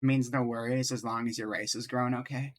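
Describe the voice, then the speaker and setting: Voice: mid-range voice, level tone, brisk. A game streamer chatting casually with viewers and reading game dialogue aloud during a live stream.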